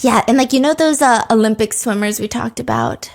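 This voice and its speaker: A woman's voice: on the high side, fairly quick. A woman hosting a podcast, recapping a show in a casual, jokey way and acting out its quotes. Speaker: podcast host. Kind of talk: casual comedic recap chat.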